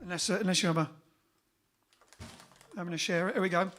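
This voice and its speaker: A man's voice: sits high, fairly even intonation, a little fast, fairly bright tone. A man hosting a band livestream, chatting casually and jokily from a small indoor room. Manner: chatty, jokey, rambling with fillers. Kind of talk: casual chat.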